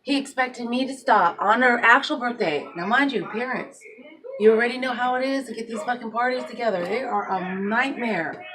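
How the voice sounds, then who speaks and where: A woman's voice: a little high, normal speed, noisy background. Blunt, swearing woman telling her story. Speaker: single mother. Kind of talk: emotional personal monologue.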